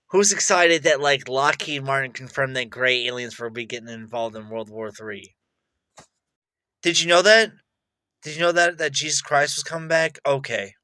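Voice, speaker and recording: A young man rambling boastfully in a monologue to camera, excitable and repeating himself. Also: mid-range voice. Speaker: vlogger.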